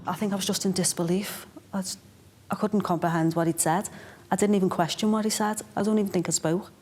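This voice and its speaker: Quiet, numb woman. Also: mid-range voice, steady tone, quick pace, a little hiss or hum. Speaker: mother. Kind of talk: emotional documentary interview.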